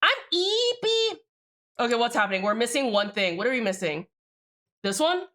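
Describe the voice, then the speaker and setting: A woman's voice: medium pitch, animated, brisk. A young woman livestreaming as she builds a keyboard, rambling casually, cutting herself off mid-thought, swearing freely and answering her chat.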